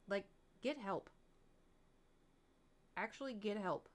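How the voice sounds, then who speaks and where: A woman's voice: mid-range voice, unhurried. A woman livestreamer in casual, rambling chat, candid and swearing freely with frequent laughs.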